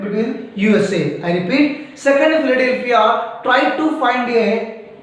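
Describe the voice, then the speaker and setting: A man teacher with an Indian English accent giving a classroom lecture, repeating key phrases and quizzing his students. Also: very high-pitched. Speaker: school teacher. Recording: echoey room, voice from a distance.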